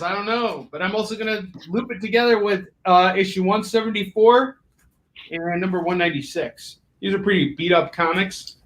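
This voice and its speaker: High, bright-voiced playful comic seller. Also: male voice, normal speed. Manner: playful, jokey sales patter. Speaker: co-host selling comics. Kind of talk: live shopping show sales pitch.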